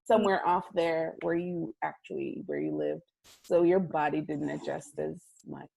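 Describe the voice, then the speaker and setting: A woman's voice: low-pitched, wildly swooping pitch, moderate pace, creaky, a little mellow. A woman hosting a casual chat, playful and curious, asking eager questions. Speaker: host.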